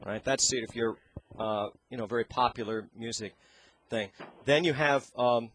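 A man teaching singing as an interview guest, talking in a halting way and searching for his words into a handheld microphone. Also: medium pitch, a bit bright, a little hiss or hum. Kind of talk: explaining with sung demonstrations.

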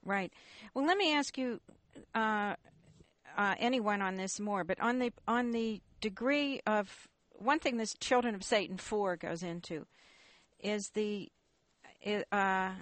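A woman's voice: medium pitch, fairly bright tone, no echo. Female talk radio host, dry close sound, stop-start questioning. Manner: hesitant, halting questions with restarts.

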